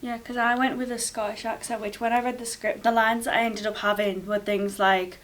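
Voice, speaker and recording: Woman, casual project chat, monotone delivery, a bit far from the mic. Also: mid-range voice, a little fast, hardly any pauses. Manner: rambling, filler-heavy, flat delivery. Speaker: drama student.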